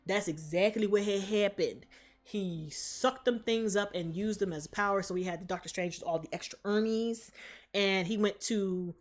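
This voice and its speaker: A woman's voice: mid-range voice, normal speed. Slangy, profane woman vlogger. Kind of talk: comic movie recap.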